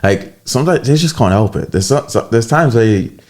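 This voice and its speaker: A young man co-hosting a casual late-night podcast, laid-back and quick to laugh while pushing back. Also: mid-range voice, lively intonation, darkish tone. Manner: laid-back, laughs easily, plays devil's advocate. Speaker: podcast co-host.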